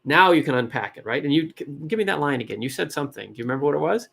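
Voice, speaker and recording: A man with a West Coast American accent giving casual, encouraging feedback on a startup pitch. He talks in a chatty way and often breaks off and restarts his sentences. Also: animated, racing, vocal fry, a bit bright. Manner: chatty, encouraging, self-interrupting. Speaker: startup advisor and event host.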